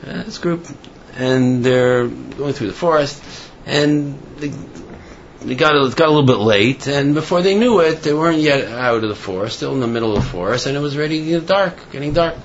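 Man, informal sermon, gravelly voice, halting with fillers and restarts, dull lo-fi recording. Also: lively intonation. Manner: acts out voices in the story with rising pitch. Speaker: rabbi giving a talk. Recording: dull lo-fi recording with faint background noise.

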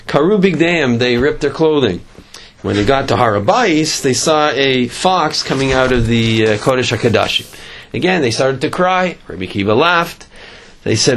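A man's voice: on the high side, normal speed, a bit bright. Man giving a style Talmud class. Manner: mixes Hebrew and Yiddish terms into English, frequent restarts. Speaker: Torah teacher.

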